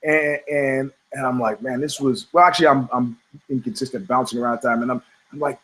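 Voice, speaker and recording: A podcast host in his forties, speaking with a medium-pitched, slightly bright voice at a fairly quick clip, rambles and swears through his talk show. He often repeats words as he restarts his thoughts.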